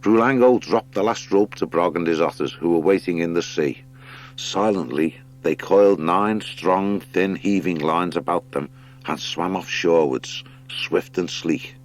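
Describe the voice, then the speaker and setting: A man narrating an audiobook in a measured, deliberate storytelling manner. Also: low voice.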